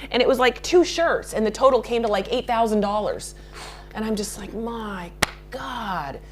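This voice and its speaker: A woman's voice: a little high, brisk. A woman makeup artist answering interview questions in a chatty way, laughing often and restarting her sentences.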